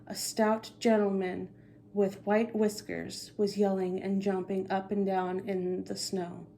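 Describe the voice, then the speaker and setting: Woman reading a storybook aloud, slow. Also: medium pitch, little pitch movement, creaky, warm tone, slight background noise. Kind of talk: casual read-aloud narration.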